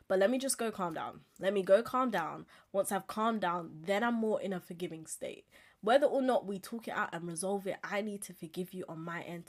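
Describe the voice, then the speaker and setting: A woman, hosting a live-streamed podcast in a candid, chatty way and laughing often as she talks. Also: mid-range voice. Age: 20s. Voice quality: expressive, laughs often while talking. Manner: candid, chatty, swings between loud and quiet. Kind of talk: casual live-stream chat.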